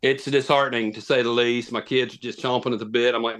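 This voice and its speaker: A man's voice: medium pitch, fairly even intonation, fast, a bit bright. A man, telling a long, rambling, self-deprecating story as a podcast guest. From Tennessee. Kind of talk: casual storytelling.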